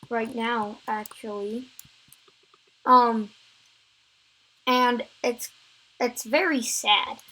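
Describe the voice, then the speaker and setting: High-pitched girl telling a story slowly, lots of ums and restarts. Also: pushed and bright, low-quality recording. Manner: rambling storytelling, filler-heavy, frequent restarts. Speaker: vlogger. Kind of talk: story time vlog.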